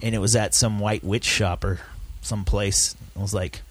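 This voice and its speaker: A man's voice: lowish voice, steady tone, moderate pace, husky. A man hosting a podcast, chatting casually with friends and laughing at his own jokes as he rambles through stories. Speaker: podcast host. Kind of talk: casual group chat.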